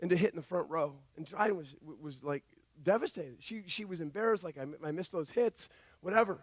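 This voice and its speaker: With a high-sitting voice and a fairly quick delivery, this middle-aged man preaches, acting out the voices of the characters in his lively stories.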